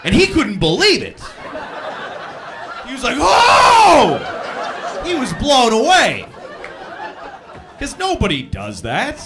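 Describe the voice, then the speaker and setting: A man's voice: very high voice, huge pitch swings, a little slow, long pauses, noisy background. A man doing a blunt, profane stand-up routine on a live stage. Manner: blunt, profane, wildly swinging delivery. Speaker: stand-up comedian. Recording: live stage recording with crowd laughter.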